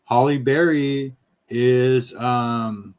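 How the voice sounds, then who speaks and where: A man's voice: mid-range voice, fairly even intonation, very slow, a little mellow, slight background noise. A man streaming casual commentary on clips, blunt and heavy on swearing, with fillers as he trails off.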